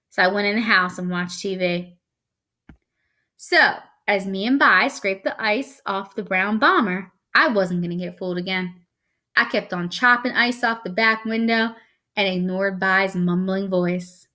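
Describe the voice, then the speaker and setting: A woman reading a novel aloud, telling it in a wry first-person voice. Her tone is bright and forward, at a middle pitch. She moves quickly through the lines of the story. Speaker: reader.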